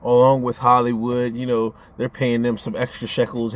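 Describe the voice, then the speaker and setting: A man's voice: medium pitch, little pitch movement, normal speed, few pauses. A man ranting on his own channel in a casual, profane, rambling way, often stammering as he restarts his sentences. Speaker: vlogger. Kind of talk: casual rant to camera.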